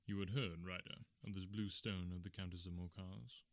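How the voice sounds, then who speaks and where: A man voicing a calm, stern middle-aged male detective in measured, quiet tones in an audiobook. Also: low-pitched, no room sound. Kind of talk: audiobook character reading.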